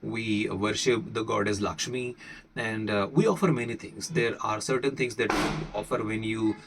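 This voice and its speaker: Indian guy teaching english, kinda low voice, lots of uhs and likes, faint crackers popping far off. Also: noisy background. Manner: explains with many pauses and fillers. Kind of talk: casual spoken lesson. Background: faint fireworks.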